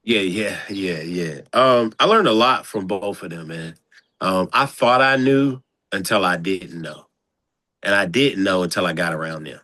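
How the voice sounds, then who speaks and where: Low-voiced, slangy male basketball coach. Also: unhurried, dry recording. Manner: animated, slangy, repeats phrases. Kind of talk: casual interview chat.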